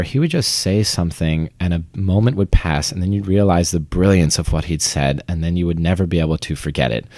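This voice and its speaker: A man's voice: low-pitched, darkish tone, no echo, clean studio sound. A young man from Vermont who works in theater, talking casually in an interview, chatty and self-deprecating, often trailing off and restarting. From Vermont, United States. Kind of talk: conversational interview.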